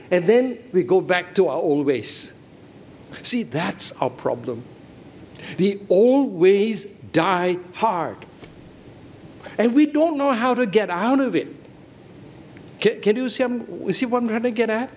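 A man's voice: high voice, animated, unhurried, a little mellow, a little hiss or hum. A middle-aged man preaching a sermon, emphatic and often checking that listeners follow him.

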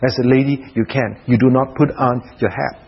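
Husky guy preaching at a retreat, slow and dramatic, goes soft and hushed sometimes, muffled lo-fi audio. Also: medium pitch, steady tone. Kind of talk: sermon at a prayer retreat.

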